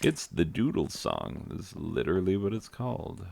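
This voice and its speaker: A man's voice: low voice, huge pitch swings, normal speed, gravelly, heavy background noise. An American man hosting a gaming channel, rambling and joking with many fillers while he plays. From United States. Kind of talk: rambling commentary while playing a video game.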